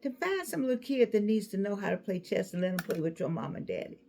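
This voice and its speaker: A woman in her sixties gives a casual motivational talk at an everyday pitch. She is animated and repeats herself for emphasis, laughing freely as she goes. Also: fast, vocal fry, slight background noise. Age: 60s. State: toothache. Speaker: speaker addressing an audience.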